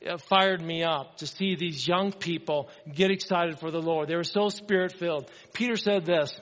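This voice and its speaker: A man's voice: on the high side, moderate pace, a bit bright, long reverb tail, highs cut off. A man preaching a sermon in an earnest, conversational way, often asking the congregation questions. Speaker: pastor.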